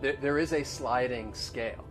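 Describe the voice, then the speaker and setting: A man teaching an online lesson about accents, explaining step by step in a clear, friendly manner. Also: medium pitch, moderate pace, music in the background.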